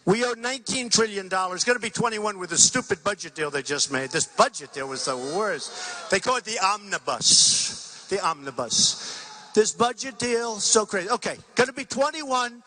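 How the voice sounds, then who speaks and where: A man's voice: sits high, lively intonation, moderate pace, pushed and bright. A man giving a campaign rally speech at a podium mic, rambling and repeating himself, often acting out conversations. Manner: rambling and repetitive, acting out dialogues. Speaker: political candidate. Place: large rally venue.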